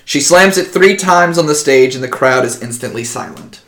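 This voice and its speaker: A man's voice: on the high side, animated, normal speed, fairly bright tone, reverberant. A man narrating as game master in a casual tabletop session, rambling with many ums.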